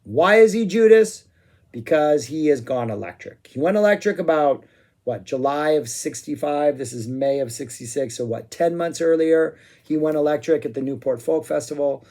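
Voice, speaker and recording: Excitable rambling man reviewing music. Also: fairly high pitch, moderate pace. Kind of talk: casual spoken review.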